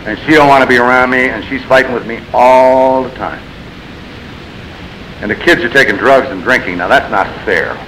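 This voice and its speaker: A man's voice: medium pitch, gravelly, bright, forceful tone, a little hiss or hum, poor audio. A man speaking at a recovery meeting, telling his story in a blunt, self-mocking way that swings between wry and exasperated. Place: meeting room.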